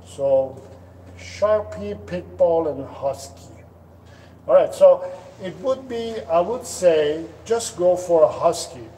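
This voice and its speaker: A man with a fairly high, mellow voice talks slowly and patiently, explaining dog behavior in a casual live stream. He now and then acts out a dog's thoughts in a playful way. The mic sits a little far off, with a faint hiss of room noise behind him. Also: animated. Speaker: dog trainer hosting a live Q&A. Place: indoors at home, dogs nearby.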